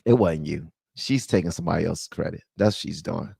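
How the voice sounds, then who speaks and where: A man's voice: low voice, brisk, vocal fry, dark tone, breathy edge, no echo, studio quality. A man hosting his own commentary show, ranting bluntly and profanely and calling out his viewers. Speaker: host.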